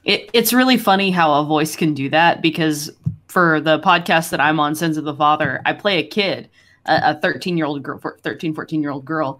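Woman from Texas, lowish voice, casual chat. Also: expressive, normal speed, a bit bright.

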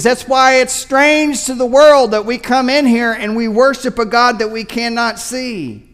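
A man's voice: extremely high pitch, a bit bright, in a large hall. A man preaching a sermon as pastor, talking conversationally and often repeating his words mid-sentence. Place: church sanctuary.

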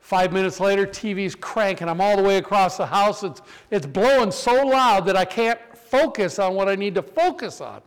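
Male preacher, high and clear-voiced, animated storyteller; sermon in a reverberant hall. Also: normal speed, hardly any pauses. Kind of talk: sermon with personal stories.

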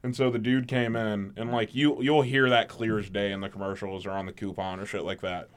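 On a laid-back podcast, a male co-host launches into a profane rant, animatedly reenacting his customers as he recounts stories about them. He has a smooth, lowish voice and speaks fairly quickly.

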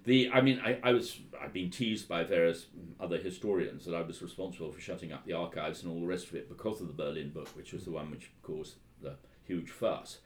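A man with a very low voice tells stories about his work in a relaxed interview. He hesitates often, circles back with ums and restarts, and keeps a wry tone. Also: a little fast, hardly any pauses. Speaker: historian and author. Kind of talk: anecdotal interview storytelling.

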